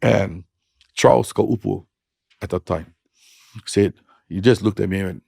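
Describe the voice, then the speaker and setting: On a dry, clean studio recording, a middle-aged hula teacher with a Hawaiian accent tells casual stories as a podcast guest. His voice is low, darkish and husky with vocal fry, his pace a little slow, and his talk frank and blunt.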